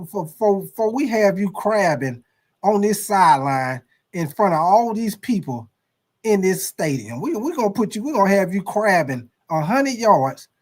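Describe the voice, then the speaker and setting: A man voicing an angry male football head coach who yells and curses at his player. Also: sits high. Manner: yelling, cursing, bossy.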